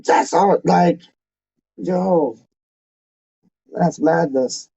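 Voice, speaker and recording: A man's voice: on the high side, extremely slow, gravelly, dark tone, husky, no room sound, muffled recording. A man hosting a fan channel, talking in a casual, slangy and emotional way with many repeated exclamations.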